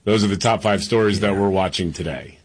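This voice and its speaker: A man with a slightly husky voice co-hosts a talk radio show. He works through the day's stories in a relaxed, conversational way, with easy pauses and fillers. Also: lowish voice. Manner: relaxed, chatty news rundown with fillers.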